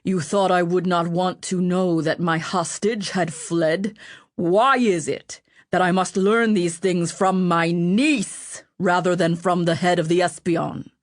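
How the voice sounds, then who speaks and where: A woman's voice: on the low side, steady tone, slow pace, no echo, clean studio sound. Audiobook reader as a wrathful king, commanding and cutting.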